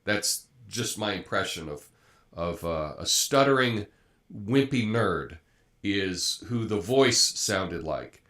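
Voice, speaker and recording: A man's voice: lowish voice, animated, takes it slowly, a bit bright. A man hosting a live commentary show, talking through the news in a conversational way, with frequent fillers and restarts. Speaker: host.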